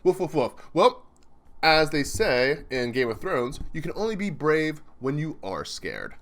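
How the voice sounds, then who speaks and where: A young man excitedly commenting live as he reads a comic chapter, chatty and laughing often. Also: fairly high pitch, a little slow. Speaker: streamer reacting to a manga chapter.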